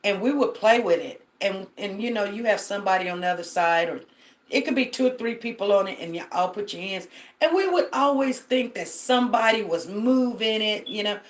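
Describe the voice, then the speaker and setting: A woman chatting casually to her viewers on a live phone stream. She tells stories and fills her sentences with asides. She speaks at a middle pitch and directly addresses her audience. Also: expressive, brisk.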